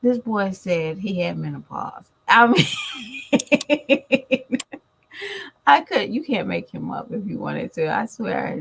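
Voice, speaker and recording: A middle-aged mother talking to her viewers in a chatty, animated storytelling way. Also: low-pitched, creaky, slightly rough, low-quality recording. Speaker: vlogger and mother. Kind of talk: casual chat to viewers.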